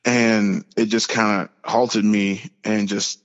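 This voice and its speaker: A young man with a lowish voice tells a personal story in an interview, earnest and halting, full of "you know" and restarts. The sound is dull and lo-fi, with a long reverb hanging behind him. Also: little pitch movement. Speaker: podcast guest, pro football player.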